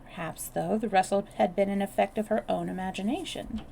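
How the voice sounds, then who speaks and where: Gravelly-voiced woman reading a novel. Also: medium pitch, a little fast, a little hiss or hum. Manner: steady reading with small restarts. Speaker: storyteller. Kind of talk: reading a novel aloud on a live stream.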